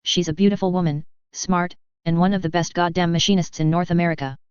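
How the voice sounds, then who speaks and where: A weathered old father with a teasing edge, low and smooth in tone, as a woman narrator voices him. Dry, close audiobook sound, slightly dull. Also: fairly even intonation, fast talker, a little mellow, no echo, close to an everyday voice. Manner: teasing, chuckling.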